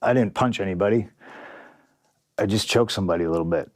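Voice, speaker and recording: A man's voice: sits low, quick pace, darkish tone, no room sound. A man being interviewed as a guest, telling a story in a blunt, profane, frustrated way and acting out the dialogue. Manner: acts out quoted dialogue. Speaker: interview guest, pro wrestler.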